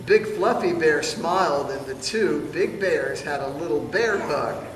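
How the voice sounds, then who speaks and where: A man's voice: a little high, expressive, a little slow. A man reading a picture book aloud to children in a playful way, pointing out the pictures. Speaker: storybook reader. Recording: distant, echoey hall with room noise.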